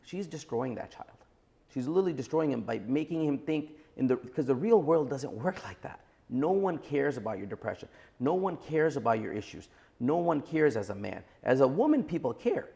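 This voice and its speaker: A man's voice: mid-range voice, sing-song, moderate pace, gravelly, dark tone. A man in his forties, a guest on a podcast interview, giving blunt and emphatic opinions. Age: 40s. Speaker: entrepreneur guest.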